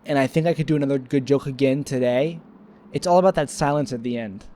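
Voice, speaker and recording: A man's voice: mid-range voice, quick pace, mellow. Sleepy, rambling young man vlogging. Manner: rambling, goofy, self-mocking, wordplay. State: sleepy, yawning. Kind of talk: rambling solo vlog to camera.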